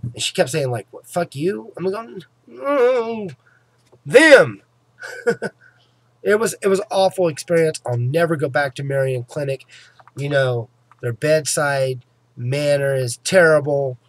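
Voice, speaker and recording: A man's voice: a little high, normal speed, no echo. A man telling the story of a painful tooth extraction in a casual vlog, emphatic and swearing, often asking "okay?", with a sore jaw. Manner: emphatic, swears freely, keeps checking in with "okay?". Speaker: vlogger.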